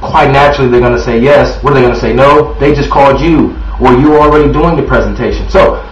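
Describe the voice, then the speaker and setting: A man giving a sales training talk, acting out a phone pitch, who often clears his throat and restarts with ums. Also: fast talker. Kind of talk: sales training demo with mock phone call. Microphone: Bluetooth headset. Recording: roomy, distant, dull lo-fi camera audio with faint hiss.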